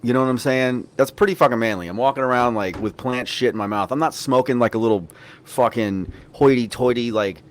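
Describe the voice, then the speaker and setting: A man's voice: mid-range voice, brisk, slight background noise. A man hosting a podcast, telling rambling, profanity-laced stories in casual chat. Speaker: podcast host.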